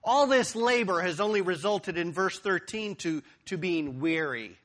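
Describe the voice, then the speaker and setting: A man's voice: sits high, lively intonation, unhurried, a bit bright. A man preaching a sermon, building to emphatic peaks as he reads and explains scripture. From United States. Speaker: pastor.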